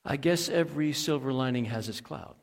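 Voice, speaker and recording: A man's voice: mid-range voice, fairly quick, vocal fry. A male pastor preaching a sermon in a conversational way, asking the congregation questions and adding folksy asides.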